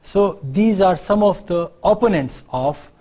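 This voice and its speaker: A man's voice: high-pitched, animated, measured pace, dark tone. A man from Pakistan with a Pakistani accent, giving a university lecture in an explanatory way and often checking in with the class through tag questions.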